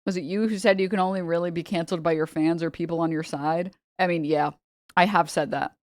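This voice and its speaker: A young woman streamer giving casual, joking reaction commentary, chatty and quick to laugh. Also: fairly low pitch, steady tone, dry recording, studio quality.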